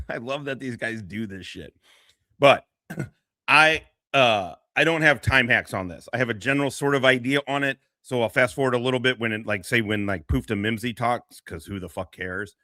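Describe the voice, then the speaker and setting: Rambling, foul-mouthed male streamer reacting to clips, bright, edgy voice recorded close and dry, laughs a lot as he talks. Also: mid-range voice, dry recording. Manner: rambling, crude, laughing often. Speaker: commentary streamer. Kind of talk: profane reaction commentary.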